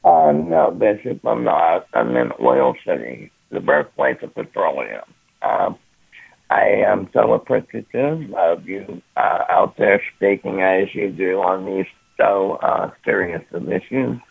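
Male phone-in caller, deep and very slow, husky and hesitant, dry phone-line sound. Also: big pitch swings, no room sound. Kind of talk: phone-in call to a radio show.

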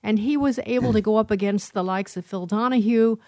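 A woman's voice: mid-range voice, a little fast, a little mellow, no room sound. A woman hosting a radio talk show, speaking emphatically and admiringly. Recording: dry studio with faint music.

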